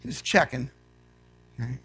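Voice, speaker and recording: A man preaching a sermon to a church congregation. He reads scripture aloud and rises to loud, emphatic preaching. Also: medium pitch, expressive, a little slow, vocal fry. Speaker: guest preacher.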